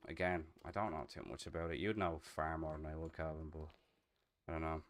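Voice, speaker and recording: A man's voice: a bass voice, steady tone, fairly quick. A young Dublin Irish man chatting casually and rambling while streaming a roleplay game, swearing freely. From Ireland.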